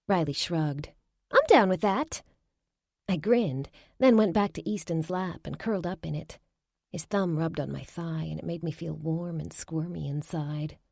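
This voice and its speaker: A woman's voice: low voice, moderate pace, creaky, dark tone, dry recording, clean studio sound. A woman narrating a first-person fantasy romance audiobook, lightly voicing the heroine.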